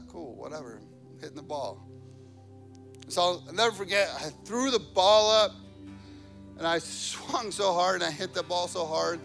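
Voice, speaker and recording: A man preaching a sermon, telling personal stories and rising to fervent, passionate delivery. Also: fairly high pitch. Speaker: pastor. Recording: music playing behind. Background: worship band instruments.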